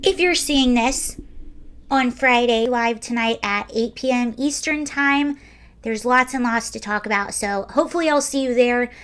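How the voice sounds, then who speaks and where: A woman's voice: on the high side, moderate pace, fairly bright tone. A woman in her early forties hosting a casual video, reading a story aloud with wry, sarcastic commentary. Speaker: video host.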